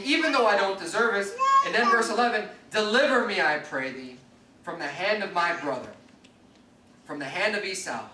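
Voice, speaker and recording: High, bright-voiced preaching man. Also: a little hiss or hum. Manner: earnest preaching mixed with scripture reading. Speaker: pastor. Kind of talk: sermon. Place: church sanctuary. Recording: echoey church room from a distant mic.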